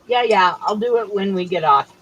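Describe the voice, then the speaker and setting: A woman's voice: mid-range voice, normal speed, fairly bright tone, highs cut off, a little hiss or hum. Rambling middle-aged woman streamer. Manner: rambling, chatty, drifts between topics with fillers. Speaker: livestream host. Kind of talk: casual chat.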